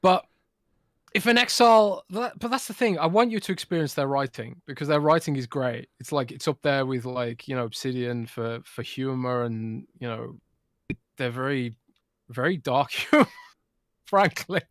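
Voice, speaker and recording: A man's voice: medium pitch, normal speed, no room sound, studio quality. A man co-hosting a gaming podcast, talking casually and enthusiastically with lots of fillers. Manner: animated, enthusiastic, rambling with fillers. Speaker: podcast co-host. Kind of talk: casual chat.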